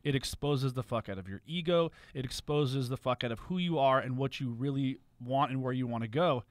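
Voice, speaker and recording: A man's voice: mid-range voice, a little fast, no room sound. A man speaking as a podcast guest, raw and confessional, swearing freely. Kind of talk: candid podcast conversation.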